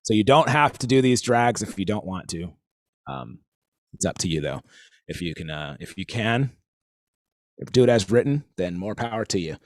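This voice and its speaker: A man teaching a live online drum warm-up class, talking in a halting way full of fillers, counting in and singing rhythms aloud. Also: fairly low pitch, animated, no room sound, studio quality.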